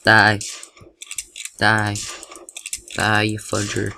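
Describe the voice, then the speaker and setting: A young man doing excitable, jokey gameplay commentary with a gravelly voice, yelping at scares. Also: lowish voice, very slow, a little hiss or hum, low-quality recording.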